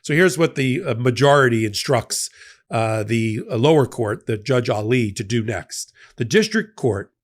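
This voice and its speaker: A middle-aged man talks through a court decision in a casual explanatory manner. His voice sits in an ordinary mid range, and he pauses on fillers and restarts as he unpacks each point. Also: medium pitch, expressive. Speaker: legal commentator. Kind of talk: legal analysis commentary.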